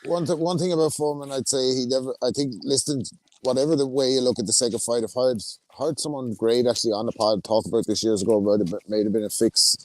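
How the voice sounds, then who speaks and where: A man on a podcast panel, speaking bluntly and casually with plenty of swearing. His voice is mid-pitched. It is recorded close, with no room echo. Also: steady tone, fast talker, darkish tone. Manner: blunt, profane opinions. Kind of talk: casual chat.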